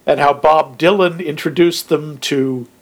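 A man's voice: fairly high pitch, fairly even intonation, a little slow. A man co-hosting a casual podcast about a film, dry and wry, reacting with short interjections. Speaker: podcast co-host.

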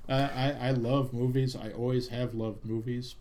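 A man's voice: medium pitch, flat delivery, background noise. A man from the greater Boston area, co-hosting a movie podcast in casual chat, joking and self-deprecating. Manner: jokey, self-deprecating, quick with puns and references. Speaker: podcast co-host.

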